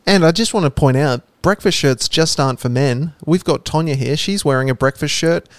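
An Australian man co-hosting a podcast, firing off quick quips and playful questions in casual banter. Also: a little high, dry recording. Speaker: podcast co-host.

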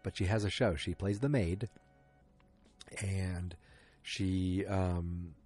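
A man casually recapping a TV episode, rambling and animated, with chatty asides to viewers. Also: deep voice, slow, soft background music.

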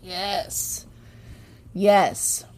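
A woman's voice: mid-range voice, steady tone, drawn-out words, a little mellow. A woman co-hosting a podcast, recapping an episode in a casual, chatty way with irreverent asides and frequent laughs. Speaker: podcast co-host.

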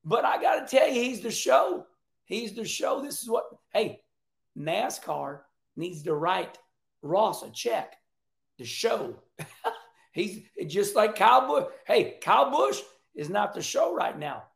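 High gravelly-voiced man hosting commentary. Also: slow pace, echoey room. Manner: animated, emphatic, repeats himself. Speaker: host. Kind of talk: casual race commentary.

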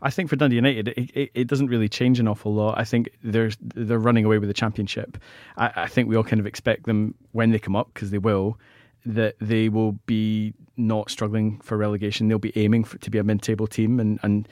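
Flat, low-voiced man pundit. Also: no echo, studio quality. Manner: halting, repeats words, measured. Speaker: podcast panelist. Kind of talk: casual football analysis chat.

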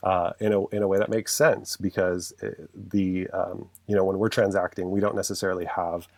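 A man's voice: low-pitched, flat delivery, normal speed, vocal fry, darkish tone, dry recording. A man in casual conversation, explaining his views earnestly and at length, with frequent restarts. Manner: earnest, passionate, rambling with restarts.

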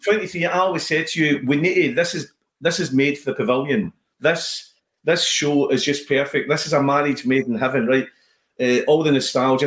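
Animated Scottish man telling stories. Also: medium pitch. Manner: animated storyteller, many restarts. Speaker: comedian guest. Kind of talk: casual chat. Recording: roomy echo.

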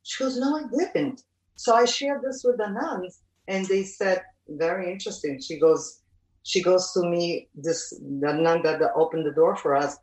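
A middle-aged woman telling a personal pilgrimage story as testimony, halting with many fillers and restarts. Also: on the low side, darkish tone, far from the mic. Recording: roomy, from off the mic.

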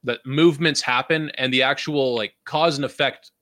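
A man's voice: medium pitch, fairly even intonation, normal speed, a bit bright, no echo, studio quality. A young man from Vancouver hosting a podcast, ranting in a casual, profane, rambling way and laughing often. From Vancouver, Canada. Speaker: podcast host.

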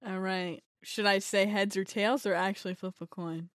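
A woman's voice: mid-range voice, steady tone, normal speed. Giggly young woman co-host. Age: young adult. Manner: laughs often, agreeable. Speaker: podcast co-host. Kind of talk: casual chat.

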